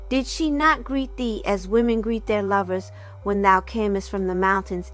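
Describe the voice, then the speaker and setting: A woman voicing a jealous, strong Arctic hunter man with a deep, hoarse voice who speaks in archaic, threatening phrases. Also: bright, forceful tone.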